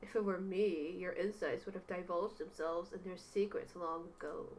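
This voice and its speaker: Girl putting on a creepy cold doctor guy, slow and low, for a game. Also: fairly even intonation, a little mellow, slight background noise, lightly acted. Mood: coldly menacing.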